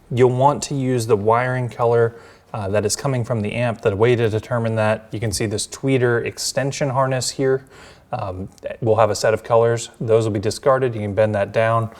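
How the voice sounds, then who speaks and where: A man giving a relaxed step-by-step installation demonstration in a workshop, talking as he works with plenty of ums and uhs. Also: on the low side. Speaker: installation instructor.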